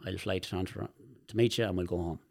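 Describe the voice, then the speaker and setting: An Irish man with a low voice tells personal stories on a podcast. He talks in an animated way and swears freely. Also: fast, creaky. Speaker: guest, movement specialist. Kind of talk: podcast conversation.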